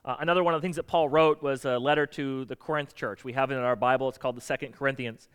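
A man's voice: medium pitch, fairly even intonation, fast talker, a bit bright, smooth. A middle-aged man, a pastor from the United States, preaching a conversational sermon and acting out quoted voices.

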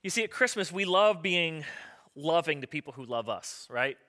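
A man's voice: fairly high pitch, animated, moderate pace, sharp tone. A man, a pastor, preaching a sermon in a conversational, joking way, acting out the voices of people in the story.

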